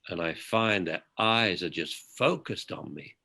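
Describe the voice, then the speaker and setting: A man with a British accent, a dog behaviour expert giving an outspoken, lively interview. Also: low-pitched, unhurried, creaky. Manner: outspoken, animated storyteller. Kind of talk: conversational interview.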